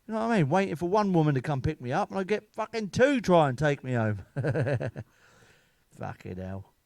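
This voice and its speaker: A man's voice: fairly high pitch, sing-song, moderate pace, creaky, darkish tone, dry recording. A middle-aged man telling crude, bawdy comic stories as a comedian. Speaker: stand-up comedian. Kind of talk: comic storytelling.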